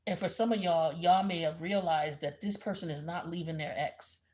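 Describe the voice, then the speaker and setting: A woman giving a blunt, animated tarot reading in a casual, profane, slangy way. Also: fairly low pitch, normal speed. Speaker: tarot reader.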